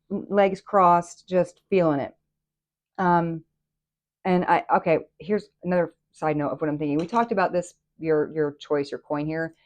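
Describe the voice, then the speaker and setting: A woman hosting a casual tarot reading, excitable and chatty, with plenty of fillers and restarts. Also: lowish voice. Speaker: tarot reader and channel host.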